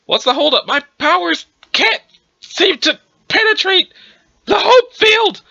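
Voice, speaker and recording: A man doing a frantic high dog-girl. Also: animated, slow, creaky, no echo, muffled recording, exaggerated voice. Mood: exasperated. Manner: frantic, exasperated shouting. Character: fierce young dog-eared girl with godlike powers.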